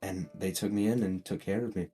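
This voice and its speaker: A man voicing a calm, modest young male hero with water powers, in an offhand retelling with little change from his own voice. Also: sits low, fairly quick, slightly rough, faint music behind. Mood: easygoing.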